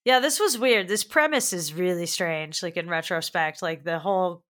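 A woman's voice: fairly low pitch, normal speed, fairly bright tone. A woman co-hosting a casual film review podcast, talking emphatically, swearing and laughing as she rants. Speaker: podcast co-host.

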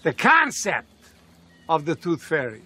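A man putting on a slow drawling impression. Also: a little high, wildly swooping pitch, sharp tone, pitched above the performer's own voice, full character voice. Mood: wistful. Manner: slow, stretched, accentuated words.

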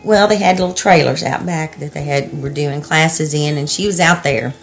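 A woman, telling her story as an interviewee in halting bursts full of restarts. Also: sits low, gravelly, soft background music. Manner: halting, breathless retelling with restarts and laughter. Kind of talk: personal storytelling.

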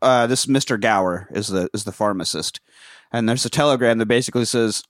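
A man casually recapping an old movie, swearing, laughing often and acting out the characters in quick voices. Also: on the low side, dry recording, studio quality. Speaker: podcast host.

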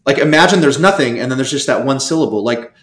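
A man speaking as a guest scholar in a casual interview, animated and rambling, with many restarts. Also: mid-range voice, fast talker, reverberant.

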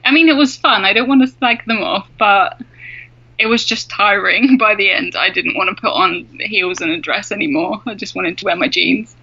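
Bright-voiced young English woman. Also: medium pitch, normal speed, husky, lo-fi sound. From England. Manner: chatty, laughs through stories. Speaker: guest. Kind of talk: casual interview chat.

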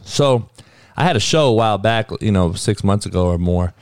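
A man's voice: on the low side, lively intonation, normal speed, clear, resonant tone, no room sound, studio quality. A middle-aged man from Compton, a football coach hosting his own show, ranting bluntly with heavy swearing. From Compton, California. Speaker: football coach and podcast host. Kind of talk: profane ranting monologue.

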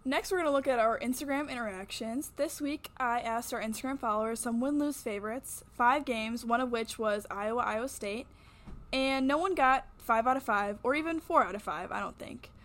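A young woman hosts a sports podcast in a slightly higher voice. She reads a scripted weekly recap but keeps breaking into chatty, candid asides about her own take. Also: normal speed, a bit bright. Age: young adult. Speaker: podcast host.

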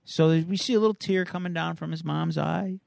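Rambling, higher-voiced male podcast host. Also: fairly even intonation, fairly quick, vocal fry, darkish tone, no room sound. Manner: rambling, with many uhs and ums. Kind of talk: casual chat, recapping a comic.

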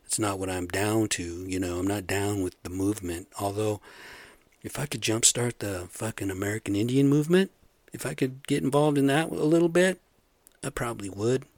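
A man ranting in a profane, sarcastic monologue, swinging between loud outbursts and low muttering. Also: normal speed, no echo.

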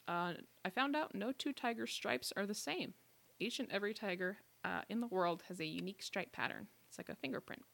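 A woman hosting a podcast, telling facts in a relaxed, explanatory way with frequent laughs. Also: lowish voice, vocal fry. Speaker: podcast host telling the story. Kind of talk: casual chat.

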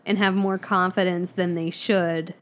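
A woman co-hosting a podcast in casual chat, with dry, deadpan asides. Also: on the low side, unhurried. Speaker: podcast co-host.

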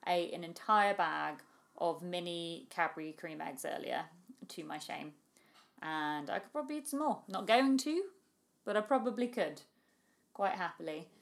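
A woman's voice: fairly low pitch, lively intonation, moderate pace, creaky. A pregnant woman, chatting casually as a podcast co-host, giggling and trailing off mid-sentence. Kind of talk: casual chat.

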